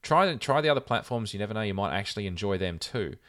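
Low-voiced Australian male podcast host. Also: fast talker. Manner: relaxed, chatty, with fillers. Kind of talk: casual podcast chat.

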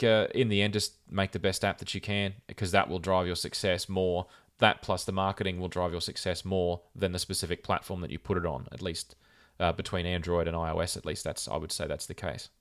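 An Australian man hosting a podcast, chatting in a relaxed way with plenty of fillers. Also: low voice, clean tone. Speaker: podcast host. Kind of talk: casual podcast chat.

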